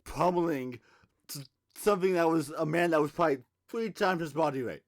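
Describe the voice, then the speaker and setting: A man's voice: fairly high pitch, brisk. A man co-hosting a comic book podcast in casual chat, tossing in dry wisecracks. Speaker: podcast co-host.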